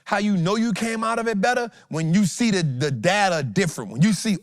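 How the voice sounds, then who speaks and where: Man host, fired-up motivational trading talk, voice a bit high, dry close sound. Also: brisk, few pauses, no echo. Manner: animated, preachy, swings loud and soft, acts out quotes.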